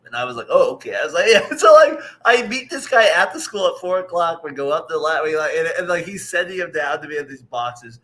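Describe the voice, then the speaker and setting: A man's voice: on the high side, sing-song, quick pace, few pauses, a bit bright. A man co-hosting a casual baseball talk show, rambling, laughing often and acting out quotes of other people. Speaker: co-host. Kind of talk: casual sports chat.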